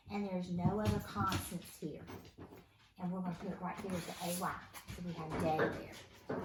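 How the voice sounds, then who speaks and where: A woman teaching a first grade phonics lesson, patiently encouraging her pupils to read each word aloud, recorded at home. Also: mid-range voice. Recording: roomy, distant, noisy home recording.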